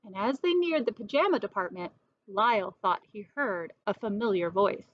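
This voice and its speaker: A woman reading a children's storybook aloud in an expressive, lively way. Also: mid-range voice, normal speed, dull audio.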